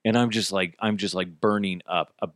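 A man's voice: low-pitched, fairly even intonation, moderate pace, fairly bright tone, no room sound, studio quality. A man in his thirties hosting a podcast, chatting casually, swearing freely and acting out the quotes in his stories. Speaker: podcast host. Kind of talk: casual storytelling chat.

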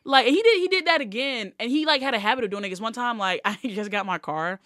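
A woman's voice: a little high, expressive, fast talker, a bit bright, no echo, studio quality. A woman comedian, a guest on a podcast, chatting loosely and telling stories with lots of "like". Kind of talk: casual podcast chat.

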